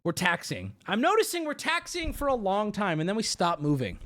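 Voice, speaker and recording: Animated high-voiced male streamer. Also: a little fast, hardly any pauses. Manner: animated, rambling, profane, clipped fragments. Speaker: streamer host. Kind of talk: casual storytelling on a livestream.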